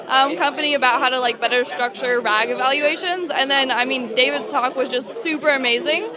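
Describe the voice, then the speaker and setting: A woman's voice: high voice, brisk, few pauses. A young woman speaking at a conference event, upbeat and enthusiastic, with casual fillers. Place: busy conference venue. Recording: crowd noise behind. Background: loud crowd chatter.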